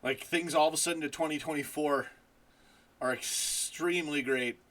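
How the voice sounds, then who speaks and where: A man hosting a casual football live stream from home, excitable, swearing and laughing as he chats. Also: on the high side, moderate pace.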